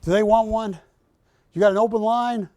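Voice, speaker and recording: A man's voice: sits high, steady tone, normal speed, mellow. An older man hosting a live shopping show, joking with staff and urging callers on. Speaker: shopping channel host. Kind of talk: live TV sales pitch. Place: TV studio.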